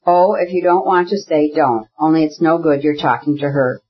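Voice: mid-range voice, moderate pace, slightly rough, dull audio, natural voice. A reader voicing a bitter, agitated radical brother. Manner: heated, argumentative, bursts into shouting.

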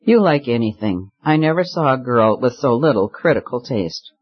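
A man's voice: medium pitch, expressive, normal speed, close to an everyday voice. A man voicing a spoiled, bored rich young woman who talks carelessly and with petulance, in a slightly muffled recording. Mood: petulant.

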